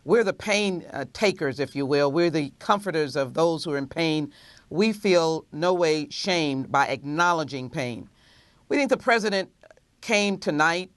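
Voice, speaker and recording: Congresswoman speaking slowly with pauses. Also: sits low, dry recording. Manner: measured, many filler pauses. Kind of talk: TV interview answer.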